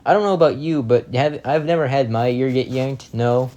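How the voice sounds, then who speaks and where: A young man reacting to clips in a casual, rambling commentary. He is blunt, swears constantly and sounds indignant, with a mellow, darker tone at an ordinary pitch. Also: moderate pace.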